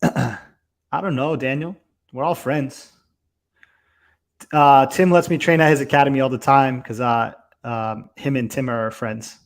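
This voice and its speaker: Young man, mid-pitched voice, loose fight-night commentary, swears, lots of "uh" and "like". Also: fairly even intonation, measured pace. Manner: loose and profane, with many fillers. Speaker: co-host of a fight watch-along. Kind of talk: casual live fight commentary.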